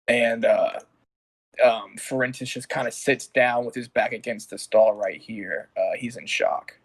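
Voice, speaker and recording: A man narrates as game master for a tabletop game played over a voice call. His voice sits at a middle pitch. He tells the scene in a loose, casual way, with fillers and restarts. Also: fairly even intonation, a little slow. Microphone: home mic on a voice call.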